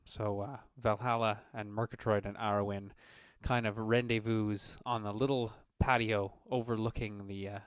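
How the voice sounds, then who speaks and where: A man's voice: fairly low pitch, moderate pace, hardly any pauses, clean tone, no room sound. A man narrating a tabletop game as game master, rambling along with lots of ums and uhs. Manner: relaxed, rambling narration with many fillers.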